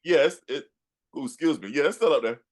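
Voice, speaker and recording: With a fairly high, breathy-edged voice and a quick delivery, a man hosting an interview podcast reminisces casually, rambling easily through fillers and restarts.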